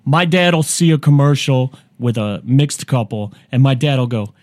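A man's voice: mid-range voice, lively intonation, normal speed, darkish tone, no echo. A man hosting a casual comedic chat, rambling and emphatic, often restarting his sentences.

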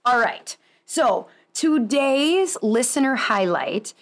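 A woman's voice: a little high, animated, takes it slowly. Woman chiropractor podcasting, rambly and self-mocking, lots of like, does little voices for people she quotes. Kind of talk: casual chat.

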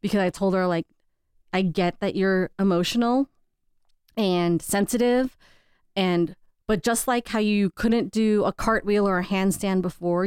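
Smooth-voiced woman chatting candidly. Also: fairly low pitch, a little mellow, dry recording, studio quality. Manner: candid, laughs between stories, quotes people in changed voices. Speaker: podcast co-host. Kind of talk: casual family chat.

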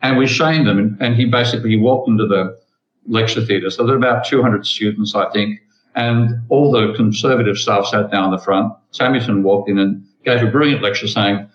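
An older man tells an anecdote as a guest in a relaxed chat. His voice sits low and sounds a little muffled. It echoes in a roomy space. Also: moderate pace. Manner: storytelling, reminiscing. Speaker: guest economist. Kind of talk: casual chat.

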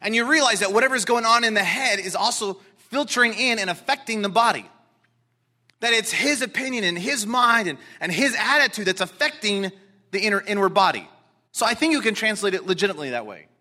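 A man preaching a sermon, explaining scripture and dropping into quiet, earnest asides. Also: sits high, animated, brisk. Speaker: pastor.

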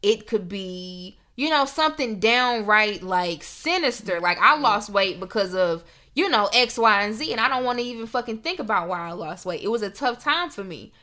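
Heated, profane young woman with a bright voice. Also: medium pitch, expressive, moderate pace. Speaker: podcast host. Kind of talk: casual podcast rant.

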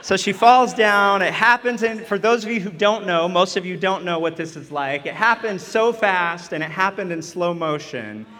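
A man's voice: high-pitched, moderate pace, hardly any pauses, bright, forceful tone. A man in his thirties, a chaplain, telling a self-deprecating story in a chatty, humorous sermon to a retreat audience. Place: church retreat meeting hall. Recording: reverberant hall.

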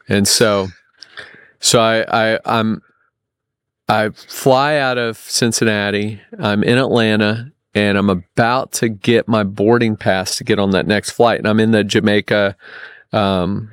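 A man telling a long personal story in casual podcast talk, full of restarts and fillers, getting animated when he quotes people. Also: on the low side, a little slow, clear, resonant tone, no room sound, studio quality. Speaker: podcast guest.

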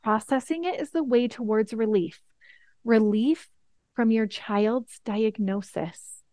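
A woman in her thirties hosting a motivational podcast, earnest and emphatic, slowing down on the words that matter. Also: on the high side, warm tone, no room sound, studio quality. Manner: earnest, emphatic, slows down for key points. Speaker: podcast host.

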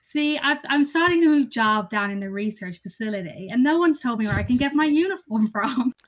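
A woman's voice: fairly high pitch, lively intonation, fairly quick, close to an everyday voice. A woman voicing a chatty, flustered woman posing as a new worker in a tabletop role-play game. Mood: sweet. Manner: chatty, gushing, over-polite.

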